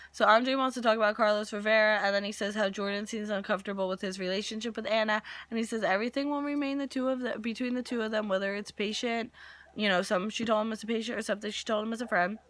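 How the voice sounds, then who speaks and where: A woman in her twenties casually recapping a soap opera episode, animated and jokey, acting out characters' lines while losing her voice. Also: medium pitch, no echo. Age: 20s.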